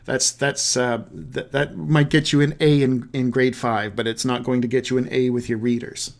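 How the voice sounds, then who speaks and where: A man talks through a writing lesson in an easygoing, conversational way, at a middling pitch. He leans on rhetorical questions and quick examples. He often backs up and repeats words before finishing a thought. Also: little pitch movement, gravelly. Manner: often restarts and repeats words mid-sentence. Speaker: writing teacher. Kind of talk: recorded video lesson.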